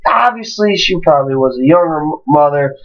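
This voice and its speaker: A man in his thirties hosting a casual podcast, telling a story with lively acted-out quotes, shouts and laughter. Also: on the high side, a little fast, lo-fi sound. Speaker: podcast host.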